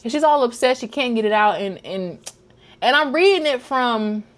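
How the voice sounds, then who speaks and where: A woman's voice: fairly high pitch, normal speed. A young woman vlogger chatting casually, retelling a book's plot and acting out the characters' lines. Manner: animated storytelling, acts out characters' lines. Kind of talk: casual chat recapping a book.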